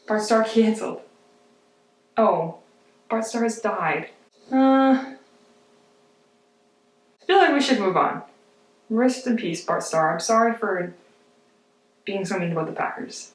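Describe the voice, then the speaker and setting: A woman's voice: on the high side, normal speed, pauses often. A young woman in her twenties, chatting casually and self-deprecatingly through a commentary vlog, with lots of "like" and frequent giggles. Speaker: video essayist. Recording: echoey room.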